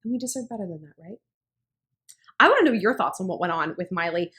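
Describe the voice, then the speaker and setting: A woman in her thirties talking to camera about relationships, candid and blunt, with profanity and animated emphasis. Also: mid-range voice, fast. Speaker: relationship advice vlogger. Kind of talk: casual talk to camera.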